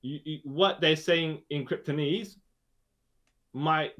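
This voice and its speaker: A man co-hosting a podcast, chatting casually about a film, often repeating words and laughing quickly. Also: a little high, steady tone, fairly bright tone. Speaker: podcast co-host.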